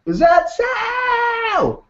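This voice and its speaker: A shrill baby big-mouth frog. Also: male voice, huge pitch swings, heavy background noise, heavily acted. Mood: shrill excited. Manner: shrill, shouted, drawn-out questions. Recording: dull lo-fi recording.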